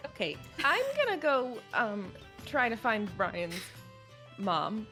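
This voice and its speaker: A woman player with a slightly high voice talks slowly and hesitantly, filling gaps with ums and uhs. Faint music runs beneath her. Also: big pitch swings, bright, forceful tone. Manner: hesitant, many fillers. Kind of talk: casual tabletop play.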